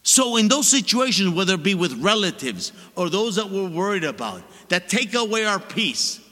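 Man, 60s, priest, sermon, lively swooping pitch, storytelling, emphatic repeats. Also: normal speed. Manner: animated, expressive storyteller with laughs and emphatic repetition. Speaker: Catholic priest. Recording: long reverb of a large hall.

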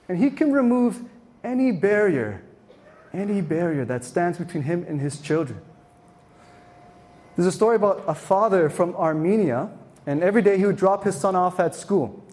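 A man leading a faith workshop for parents, telling a story with dramatic swells and quiet hushes. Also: high-pitched. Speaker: workshop speaker.

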